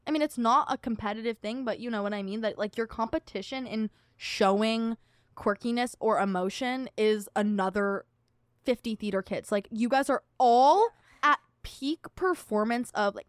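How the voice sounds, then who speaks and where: A young woman co-hosting a podcast, telling stories in a lively, animated way. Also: a little high, moderate pace, no echo, clean studio sound. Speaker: podcast co-host. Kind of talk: casual chat.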